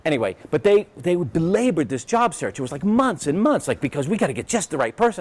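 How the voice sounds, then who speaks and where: Sarcastic, animated man ranting on stage. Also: high-pitched, brisk. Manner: sarcastic, rambling, profane, peppered with "right?" and "you know". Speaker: guest speaker at a business event. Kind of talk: animated conversational storytelling.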